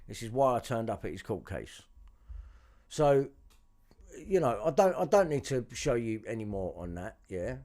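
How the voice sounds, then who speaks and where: A vlogger with a medium, slightly mellow voice delivers an angry monologue to camera, agitated and profane, circling back and repeating himself to his viewers.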